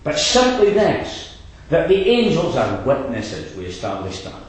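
A man delivers a sermon in an unhurried, lively voice that rises and falls. He stresses his points and drops short asides to the listeners. His voice rings with heavy echo in a church hall. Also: on the high side. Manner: emphatic, with rhetorical asides. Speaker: preacher.

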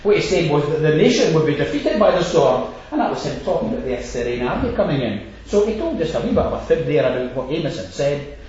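Emphatic preacher in an echoey hall. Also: male voice, fairly high pitch, very animated, fast, few pauses, a little mellow, a little hiss or hum. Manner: emphatic, repeats phrases for rhetorical build. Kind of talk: expository sermon. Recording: echoey hall, distant dull lo-fi mic.

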